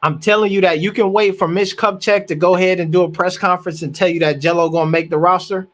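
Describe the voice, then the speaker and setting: Male live-stream reaction host, high voice, emphatic, restarts often. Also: quick pace. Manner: animated, emphatic, repeats words while thinking.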